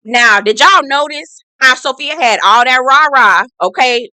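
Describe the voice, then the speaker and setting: A woman's voice: high-pitched, unhurried, pushed and bright, no room sound. Sassy, profane woman recapping reality TV. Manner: sassy, blunt, profane, exasperated. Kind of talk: casual recap commentary.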